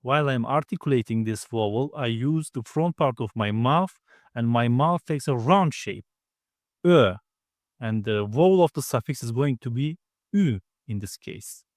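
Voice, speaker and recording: A man's voice: medium pitch, lively intonation, moderate pace, no echo, studio quality. A man teaching a grammar lesson, patiently explaining step by step and sounding out each vowel himself. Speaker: language teacher. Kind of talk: slow spoken grammar lesson.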